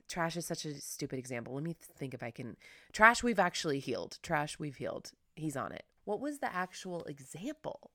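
A woman's voice: deep voice, animated, fairly quick, a bit bright, no echo, studio quality. A woman hosting a casual solo podcast, chatty and rambling, self-deprecating, with lots of filler words. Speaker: podcast host.

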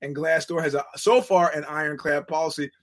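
A man's voice: a little high, steady tone, fairly quick. A middle-aged man from the United States hosting a podcast, telling stories in a rambling, profane, laughing manner. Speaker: podcast host. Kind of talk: casual monologue.

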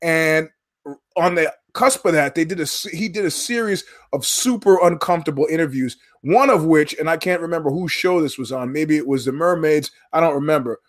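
High-voiced, sardonic male podcast host. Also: fairly quick. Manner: profane, digressive, sardonic storyteller. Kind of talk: rambling solo commentary.

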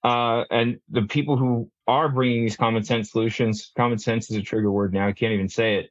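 A man's voice: mid-range voice, steady tone, fairly quick, no room sound. Man rambling on in a panel chat, restarts a lot, kinda muffled dry sound. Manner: rambling, many restarts and fillers. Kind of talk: casual panel discussion.

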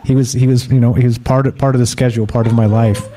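A man hosting a radio show, chatting and thanking listeners, with many halting restarts and easy laughs. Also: medium pitch, level tone, mellow. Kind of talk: casual closing chat. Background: music playing.

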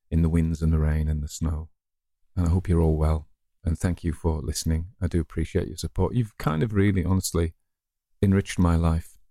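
A man's voice: deep voice, mellow, no room sound, clean studio sound. A man with a Northern English accent, hosting his own story podcast and chatting casually and self-deprecatingly to listeners. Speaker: podcast host and story reader.

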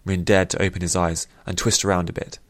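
A man narrating a fantasy story in a steady, measured way. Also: deep voice, dry recording.

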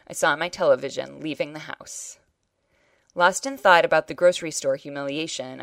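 Wry woman reader of literary fiction, low voice, close and dry. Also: no echo. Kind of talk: first-person short story reading.

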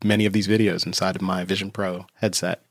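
Low-voiced man, dry and wry chat. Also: flat delivery, quick pace, no room sound. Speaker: podcast co-host. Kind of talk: casual chat.

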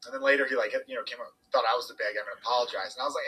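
A young man telling animated stories in casual podcast chat, quoting people and swearing as he vents. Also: mid-range voice, racing, hardly any pauses, breathy edge, rough recording. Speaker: podcast guest, comedian.

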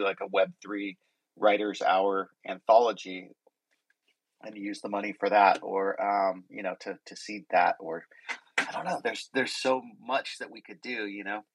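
Man hosting a group chat, low husky voice, a bit sick, dry close sound. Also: steady tone, normal speed, dry recording, poor audio. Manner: rambling, welcoming, many restarts. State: slightly sick voice. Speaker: host. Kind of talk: casual group chat on a live audio stage.

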